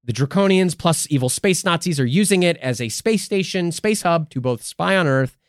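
A man's voice: fairly high pitch, normal speed, no room sound, clean studio sound. A man hosting a casual podcast, telling stories in a joking, profane way. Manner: profane, joking, animated storytelling. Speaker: podcast host. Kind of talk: casual conspiracy podcast chat.

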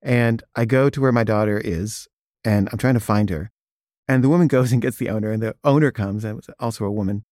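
Dad telling a story about his kids, casual and animated, dry close mic. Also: lowish voice, brisk, no room sound. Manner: lively, re-enacts each quoted exchange. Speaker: father.

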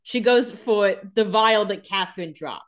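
A woman's voice: mid-range voice, unhurried, a bit bright. A young woman co-hosting a podcast, chatting casually and adding wry, jokey asides. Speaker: podcast co-host. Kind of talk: casual chat.

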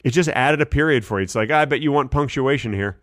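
A man's voice: mid-range voice, a bit bright, no echo, studio quality. Playful joking man on a podcast. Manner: playful, teasing, quick jokes. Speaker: podcast co-host. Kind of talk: casual chat.

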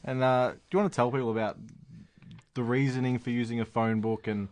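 A man's voice: mid-range voice, steady tone, brisk, a little mellow, no room sound. Man, podcast host, easygoing, amused, mid-range voice, dry recording. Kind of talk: interview questions.

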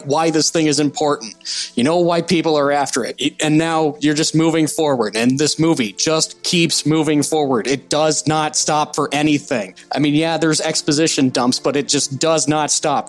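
A man co-hosting a podcast, talking in an excited, profane way with lots of filler "like". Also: a little high. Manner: excited, profane, heavy use of "like". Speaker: podcast co-host reviewing a film. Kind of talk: casual podcast chat.

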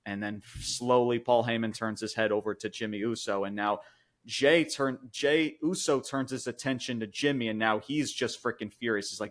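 Excited, swearing man recapping wrestling. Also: mid-range voice, normal speed. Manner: excited, swears a lot, many fillers. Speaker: podcast co-host reviewing wrestling. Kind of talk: casual chat, recapping a show.

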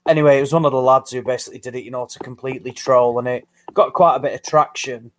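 A man's voice: mid-range voice, fairly even intonation, fast, slight background noise. Rambling man telling a story. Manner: rambling, amused storytelling with restarts. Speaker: podcast co-host. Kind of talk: casual boxing chat.

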